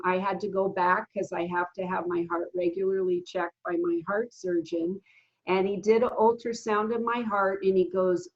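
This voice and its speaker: A woman in her fifties speaks at a mid pitch, earnest and a little halting as she tells her story. She slips in plenty of fillers and restarts. The sound is dull and lo-fi. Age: 50s. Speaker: guest sharing a recovery story. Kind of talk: casual spoken testimony.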